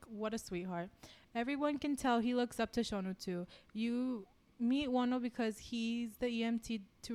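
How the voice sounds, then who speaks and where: A woman co-hosting a podcast, reading fan fiction aloud and chatting in an animated, giggly way. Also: a little high, clean tone. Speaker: podcast co-host.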